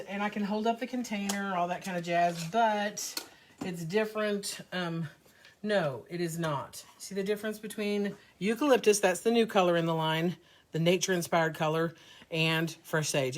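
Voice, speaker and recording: A middle-aged woman hosting a casual live stream, chatty and upbeat, a little hoarse while getting over an illness. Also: medium pitch, a little hiss or hum. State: recovering from covid, slightly hoarse. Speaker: host of a live paint demo.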